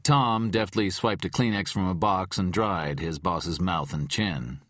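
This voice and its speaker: A man narrating a thriller audiobook in a measured, expressive read. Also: low voice, no echo, clean studio sound. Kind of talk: scripted narration.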